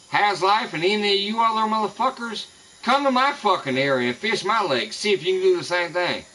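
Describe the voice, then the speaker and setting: A man's voice: on the high side, pushed and bright, low-quality recording. A man streaming a fishing game, ranting angrily and cursing constantly at rival streamers. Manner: profane, angry ranting. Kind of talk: live gaming stream rant.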